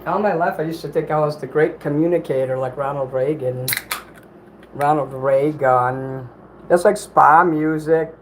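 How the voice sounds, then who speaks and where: A man's voice: fairly high pitch, brisk, hardly any pauses, a little hiss or hum, poor audio. A man hosting a casual livestream from home, reading chat while he eats and rambles in an apologetic way, swearing here and there.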